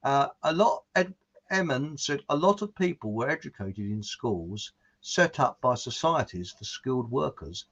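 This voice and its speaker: A man's voice: medium pitch, lively intonation, unhurried, a bit bright, husky. A man hosting a casual chat, reading out viewer comments in a rambling way and chuckling at his own jokes. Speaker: show host. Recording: muffled lo-fi audio.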